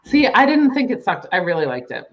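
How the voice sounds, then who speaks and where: A woman co-hosting a podcast, chatting casually, agreeable and expressive. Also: mid-range voice, fairly quick. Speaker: podcast co-host. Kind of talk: casual chat. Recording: dull lo-fi sound.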